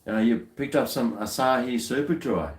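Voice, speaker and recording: A man's voice: medium pitch, normal speed, roomy sound. An Australian man chatting casually while tasting beer, rambling along with dry, muttered asides.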